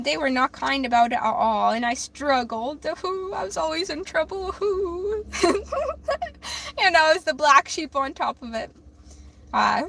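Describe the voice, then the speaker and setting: Young female tarot streamer, casual and self-deprecating, bright tone. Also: high-pitched, a little hiss or hum. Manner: rambling, self-deprecating, stumbles over words. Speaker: livestream tarot reader. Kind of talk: casual livestream chat reading comments.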